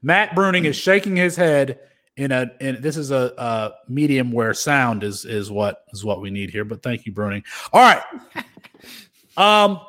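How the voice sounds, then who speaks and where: A man's voice: mid-range voice, expressive, measured pace, a bit bright. A man co-hosting a fantasy football podcast, arguing a case in mock-formal style and then chatting casually. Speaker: podcast co-host. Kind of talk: casual sports podcast chat with mock courtroom bits.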